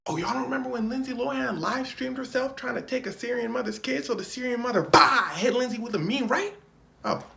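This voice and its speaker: A comic storyteller telling a tale in an animated, exaggerated, slangy way. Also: medium pitch, a little fast, vocal fry, heavy background noise.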